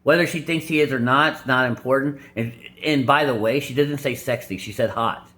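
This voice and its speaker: A man's voice: a little fast, fairly bright tone. Blunt, crude man giving dating advice. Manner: blunt, crude, mocking, with sudden high squeaky impressions. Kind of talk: casual reaction commentary.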